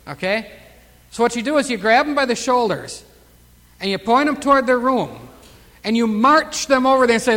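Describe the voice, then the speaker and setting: A man's voice: extremely high pitch, normal speed, fairly bright tone, in a large hall. A man preaching a sermon with fervent, surging emphasis on his key words.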